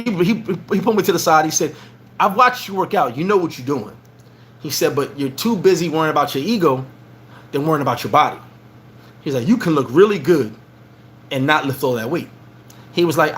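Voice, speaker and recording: A man's voice: fairly high pitch, a bit bright, slight background noise. A middle-aged man from the United States telling a long gym story in a loose, profane, rambling way, vlogging from his sports bar. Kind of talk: casual storytelling to camera.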